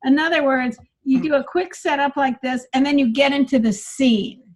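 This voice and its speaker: High-voiced, energetic woman coaching. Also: normal speed. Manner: energetic and emphatic, bursts into loud acted-out lines. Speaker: comedy writing coach. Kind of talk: coaching session with feedback on jokes.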